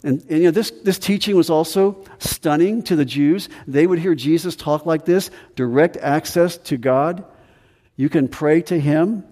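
A man preaching a sermon with earnest emphasis, slowing down on key phrases and rising in pitch when stressing a point. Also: dark tone. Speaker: pastor. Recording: long hall reverb.

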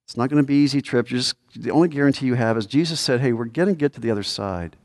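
A man preaching a sermon in a mid-pitched voice, talking to his listeners like a conversation. He throws rhetorical questions at them and lifts his voice into pleading cries, then sinks to quiet, low remarks. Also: racing. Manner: swings between raised pleading lines and low quiet asides. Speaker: pastor.

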